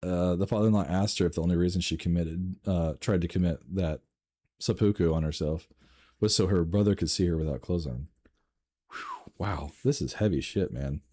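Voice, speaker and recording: Low, mellow man reacting to stories. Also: moderate pace. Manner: animated, laughs often, swears, jumps up in pitch for emphasis. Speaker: host reading and reacting to online stories. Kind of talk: casual reading and commentary.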